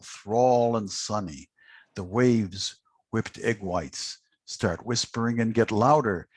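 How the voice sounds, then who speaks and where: A man hosting a poetry prize ceremony on a video call, joking gently and reading a poem aloud. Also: fairly low pitch, dry recording. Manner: unhurried, gently joking, with frequent uh fillers. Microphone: video call microphone.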